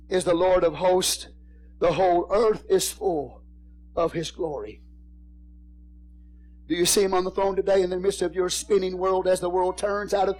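A man preaching a sermon as a pastor, repeating phrases and swinging from hushed whispers to shouted crescendos. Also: high voice.

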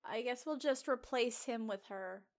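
Chatty woman podcast co-host, slightly high. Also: measured pace. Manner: enthusiastic, restarts sentences, laughs often. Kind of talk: casual chat.

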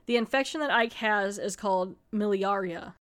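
A woman's voice: mid-range voice, moderate pace, fairly bright tone, smooth. Chatty woman podcaster recapping horror. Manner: chatty, rambling, full of "like", laughs often. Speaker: podcast host reviewing TV episodes. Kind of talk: casual chat recapping a show.

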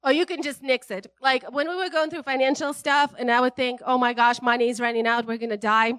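High-voiced woman preaching casually. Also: brisk, no echo. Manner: chatty and animated, laughs often, many "right?" tags. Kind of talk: casual, conversational sermon.

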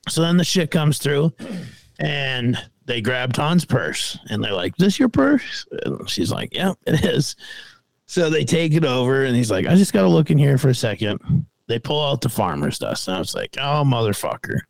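Animated, swearing man telling a story. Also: mid-range voice, moderate pace, gravelly, no room sound. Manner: animated, profane, acts out other people's lines. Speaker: podcast co-host. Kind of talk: casual storytelling chat.

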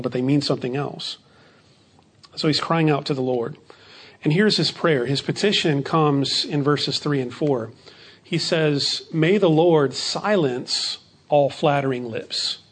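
A man's voice: on the high side, breathy edge. A man, a pastor leading a midweek Bible study in a conversational way, often asking rhetorical questions and repeating phrases.

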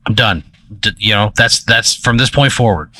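A young man co-hosts a comedy podcast, firing off skeptical questions and curses. His voice is bright and sharp at a middle pitch. The sound is dry and close. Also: no echo. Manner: incredulous, swearing, quick questions. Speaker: podcast co-host. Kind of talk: casual comedic banter.

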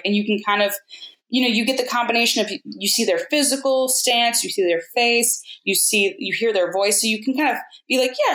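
A woman voice actor talking candidly in a casual interview, animated and quick to mimic people in her stories. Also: medium pitch. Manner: candid, animated storyteller who mimics others. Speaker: voice actor guest. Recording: roomy echo.

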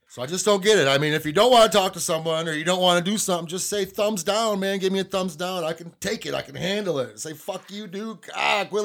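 A man's voice: on the high side, fairly bright tone. A man hosting his own podcast, ranting in a casual, profane, rambling way from a small home studio. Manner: profane, rambling, riled-up venting. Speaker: podcast host. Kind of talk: casual solo podcast rant. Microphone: studio microphone.

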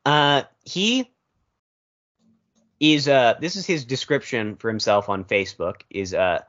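Podcast co-host, male, mid pitch, rambling wry delivery, dull lo-fi recording. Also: a little slow, fairly bright tone. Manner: rambling, filler-heavy, wry. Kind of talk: casual chat.

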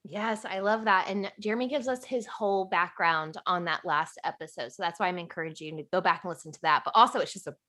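A woman from Virginia hosting a podcast interview, bubbly and animated, laughing often as she chats. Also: on the low side, fast talker, few pauses. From Virginia, USA. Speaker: podcast host. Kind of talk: casual interview chat.

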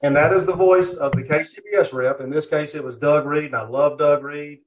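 Guy on a bbq podcast, kinda high voice, rambly storytelling, lots of "you know", muffled lo-fi sound. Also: steady tone, brisk. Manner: rambling anecdotal telling, many fillers. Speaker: competition barbecue cook, podcast guest. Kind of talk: casual storytelling interview. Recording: dull lo-fi audio.

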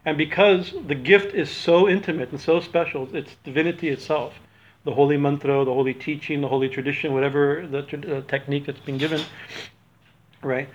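A man giving a loose, rambling religious talk, often checking in with "right?" His voice sits a bit high for a man. The recording is dull and lo-fi. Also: steady tone, fairly quick, a little hiss or hum. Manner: rambling, keeps asking "right?". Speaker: spiritual teacher.

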